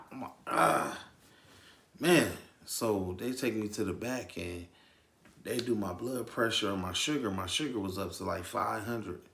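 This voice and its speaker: Slangy, swearing man with an echoey sound. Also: lowish voice. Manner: loose, slangy, says "man" often, swears. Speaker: storyteller vlogger. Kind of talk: casual storytelling to camera.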